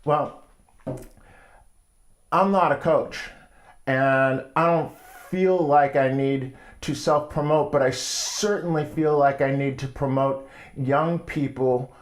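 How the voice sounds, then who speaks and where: A middle-aged man hosting his own show, telling a story in a wry, casual monologue with frequent pauses. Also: a little high, steady tone. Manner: wry, storytelling, pausing often. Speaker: host.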